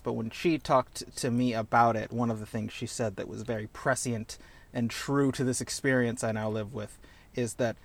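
A man co-hosting a podcast in casual chat, animated and profane, slipping into goofy character bits. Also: mid-range voice, creaky. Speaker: podcast co-host.

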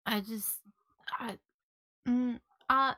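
A woman's voice: a little high, fairly even intonation, drawn-out words, pushed and bright, no room sound. A woman co-hosting a podcast, reacting bluntly and with exasperation in casual chat, swearing and repeating herself for emphasis. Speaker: podcast co-host.

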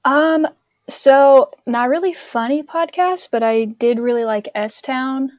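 A woman's voice: high-pitched, fairly even intonation, slow pace, darkish tone, dry recording, studio quality. A woman from near Charlotte with a mild North Carolina accent, a guest in laid-back podcast chat. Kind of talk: casual chat.

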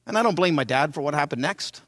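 A man in his sixties preaching a sermon, telling his childhood story in a dramatic, animated way. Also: a little high, fast, dry recording, clean studio sound. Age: 60s.

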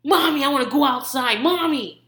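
A woman voicing a loud, aggressive three-year-old boy who keeps demanding things, in a high, shouty voice. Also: normal speed, roomy sound.

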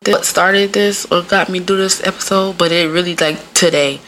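A woman from the Midwest hosting a podcast in a casual comedic monologue, talking in an animated way and acting out the voices of the people she quotes. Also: fairly low pitch, moderate pace, a little hiss or hum. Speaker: podcast host.

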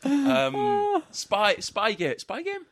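A man's voice: very high-pitched, sing-song, drawn-out words, gravelly, fairly bright tone, no room sound. A man chatting casually with friends, often stopping and restarting as he searches for words. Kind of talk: casual chat among friends.

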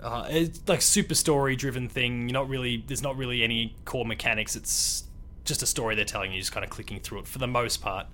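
A man with an Australian accent chats loosely on a gaming podcast. His voice is bright and forward, and he rambles with lots of fillers. A faint rumble sits under the recording. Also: a little fast. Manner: rambling, loose and chatty, with fillers and mild swearing. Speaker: podcast host. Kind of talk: casual chat.

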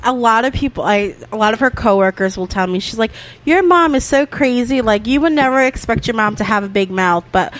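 A young woman co-hosting a podcast, telling lively family stories, laughing often and swearing casually. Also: fairly high pitch, brisk. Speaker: podcast co-host. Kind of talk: casual chat.

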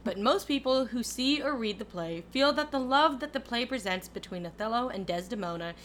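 A young woman co-hosts a casual podcast in a bright, lively voice and reads from a written summary. She talks in a playful, irreverent way and pitches a little high. A faint hum sits behind her. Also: brisk. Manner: laughs often, swears, playful. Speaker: podcast co-host. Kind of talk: casual podcast chat, reading a summary aloud.

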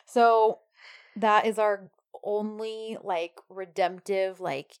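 A woman's voice: medium pitch, steady tone, slow, clean tone. A woman in casual chat, recapping a TV episode with enthusiasm and frequent agreeing sounds. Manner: enthusiastic, lots of "uh-huh" and "I love it".

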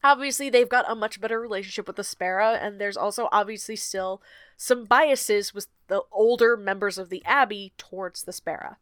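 A woman's voice: medium pitch, normal speed, a bit bright, no echo, studio quality. A woman co-hosting a book podcast, recapping chapters in casual chat, laughing often and swearing freely. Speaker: podcast co-host.

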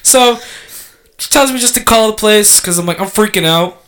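Man, bright voice, animated, swears a lot, casual storytelling. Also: high-pitched, moderate pace. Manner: animated, profane, acts out quoted lines. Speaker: podcast co-host telling a story.

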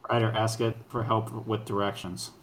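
Tabletop player, mid pitch, joking asides. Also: little pitch movement, moderate pace, slight background noise. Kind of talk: tabletop role-play chat.

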